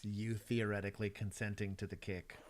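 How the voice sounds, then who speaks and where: A man giving relaxed, chatty commentary on police videos as a streamer. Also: lowish voice, normal speed, slight background noise. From Texas. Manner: relaxed, chatty, laughs often. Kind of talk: casual commentary.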